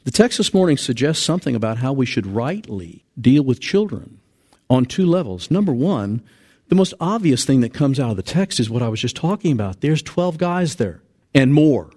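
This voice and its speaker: A man preaching a sermon as pastor, animated and acting out quoted voices. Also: normal speed. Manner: animated, acts out quoted voices with big pitch jumps. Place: church sanctuary.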